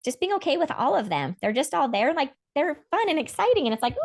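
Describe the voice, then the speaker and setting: A woman's voice: high-pitched, fast, hardly any pauses. Woman, podcast host, earnest, rambling, casual spiritual talk. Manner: earnest, rambling, animated about feelings.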